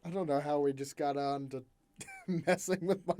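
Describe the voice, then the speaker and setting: A man's voice: fairly high pitch, normal speed, mellow, dry recording. A man hosting a casual podcast chat, giggly and self-deprecating. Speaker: podcast host.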